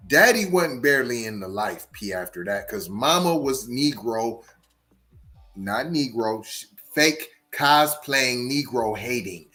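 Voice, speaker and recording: Animated man hosting a live podcast. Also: measured pace, soft background music. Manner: animated, repeats words, swings between loud outbursts and low asides. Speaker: podcast host. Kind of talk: live-stream commentary, reading chat.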